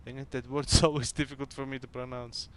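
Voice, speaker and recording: A man's voice: mid-range voice, flat delivery, brisk, fairly bright tone. A man whose first language is Dutch, chatting casually and thinking aloud as he runs cockpit checks while streaming a flight simulator. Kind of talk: casual gameplay commentary.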